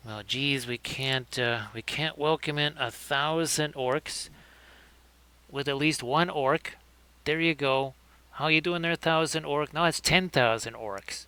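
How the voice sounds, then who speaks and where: A man's voice: on the high side, takes it slowly, pushed and bright, smooth, no echo. A man hosting a livestream, chatting casually and joking as he talks through painting his miniatures. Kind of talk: casual live commentary.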